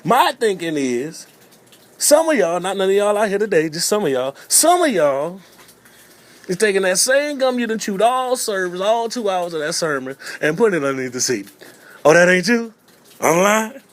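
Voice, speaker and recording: A comedian from North Carolina does stand-up storytelling about growing up in church, playfully acting out little voices and repeating the catchphrase "I'm just saying." His voice sits high with big pitch swings at normal speed.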